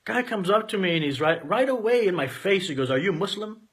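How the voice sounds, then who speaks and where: A man in his forties telling a candid personal story, emphatic and profane, swinging between loud outbursts and quiet asides. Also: high-pitched, lively intonation, brisk, husky. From Canada.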